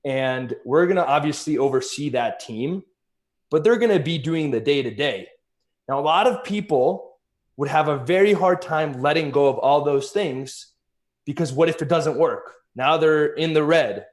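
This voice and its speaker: A man's voice: fairly high pitch, normal speed. A man speaking as a podcast guest, explaining his ideas earnestly and building his points with examples. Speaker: guest, agency founder. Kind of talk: casual interview chat.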